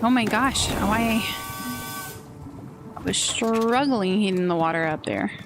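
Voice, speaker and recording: A woman's voice: mid-range voice, a little slow, background noise. A woman streamer giving casual, chatty let's play commentary and grumbling to herself. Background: game music.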